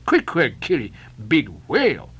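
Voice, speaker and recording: A man's voice: fairly high pitch, huge pitch swings, a little slow, fairly bright tone, husky, exaggerated voice. A man doing a proud harpooneer in broken speech. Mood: disdainful. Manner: broken English, disdainful.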